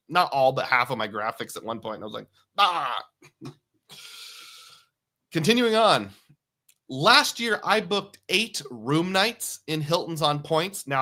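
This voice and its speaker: Bright-voiced man hosting a live stream. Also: mid-range voice. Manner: chatty, reads viewer comments aloud and laughs often. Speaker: livestream host. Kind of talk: casual live-stream chat.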